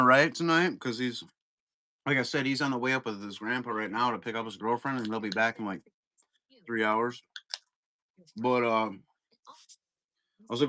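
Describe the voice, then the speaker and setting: A man's voice: medium pitch, normal speed, long pauses, bright, forceful tone. A middle-aged man chatting casually on a live selling stream, rambling through stories, swearing freely and laughing at himself. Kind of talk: casual chat. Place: at home, sitting.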